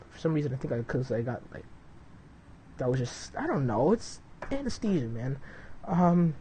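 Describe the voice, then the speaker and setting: A man's voice: medium pitch, mellow, a little hiss or hum, rough recording. A young man streaming a flight simulator, chatting to viewers in a loose, rambling way full of "dude" and "like", between flight checks. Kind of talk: casual live-stream chat.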